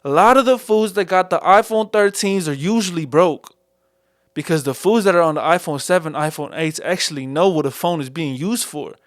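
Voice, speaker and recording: A young man with a Chicano English accent hosts a casual solo podcast, rambling in slang and calling everyone "fool." His voice sits on the high side at a moderate pace, recorded dry and at studio quality on a studio mic.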